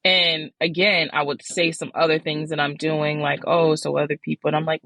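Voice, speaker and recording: A woman in her forties hosting a solo podcast, talking candidly and casually, swearing freely, her voice jumping up in pitch when she gets animated. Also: moderate pace, few pauses, no echo, rough recording. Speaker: podcast host.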